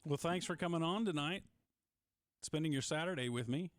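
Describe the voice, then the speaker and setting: A man's voice: fairly high pitch, normal speed, no echo, clean studio sound. A man hosting a casual talk show, easygoing as he steers the conversation. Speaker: host. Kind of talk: casual podcast chat.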